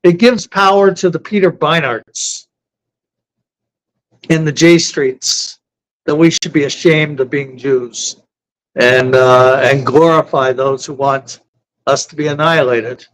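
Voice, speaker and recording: Brief: male host, slow and halting, somewhat high-pitched, filler-heavy delivery. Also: fairly bright tone, rough recording. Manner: halting, with many filler sounds. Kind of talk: heated talk-show discussion.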